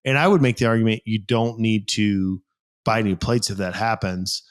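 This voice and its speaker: A man's voice: fairly low pitch, moderate pace, clean tone. A man co-hosting a casual podcast, telling rambling stories and explaining gym equipment with lots of fillers. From United States. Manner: rambling, animated storytelling with acted quotes. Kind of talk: casual chat.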